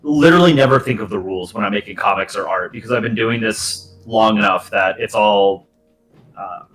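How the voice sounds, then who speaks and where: A man co-hosting a livestream, a comic artist explaining things in a relaxed way. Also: on the low side, brisk, soft background music, low-quality recording. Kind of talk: casual livestream chat.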